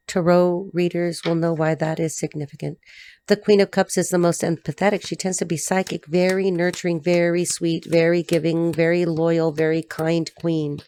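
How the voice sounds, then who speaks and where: Blunt, excitable woman reading tarot. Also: on the low side, moderate pace. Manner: blunt, excitable, swearing, talks to the cards. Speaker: tarot reader. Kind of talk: casual tarot reading to camera. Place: dim room indoors.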